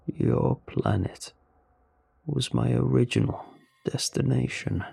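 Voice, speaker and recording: A man voicing a stranded male alien with a low, gravelly voice and slow, drawn-out speech. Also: warm tone, dry recording, heavily acted. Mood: musing.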